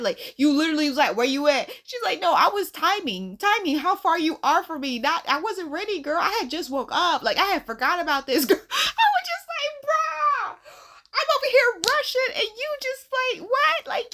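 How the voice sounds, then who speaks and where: Woman, 30s, casual storytime vlog; high, very lively delivery, laughs often, acts out the quotes. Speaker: vlogger.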